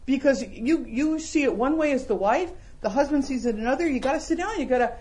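Middle-aged male Bible teacher, sermon delivery, animated with humorous rhetorical questions. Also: extremely high pitch, a little fast, hardly any pauses. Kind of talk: sermon-style Bible lesson.

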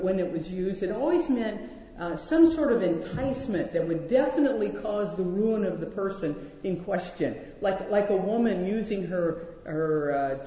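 A Bible teacher leading a study, speaking with animated emphasis and often restarting sentences. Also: mid-range voice. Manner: animated, acts out quoted lines, frequent restarts. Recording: dull sound in an echoey hall with long reverb.

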